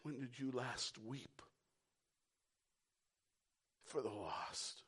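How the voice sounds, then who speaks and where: A man preaching a sermon, repeating phrases for emphasis and swinging from shouts down to a hushed whisper. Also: mid-range voice, extremely slow, breathy edge. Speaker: pastor.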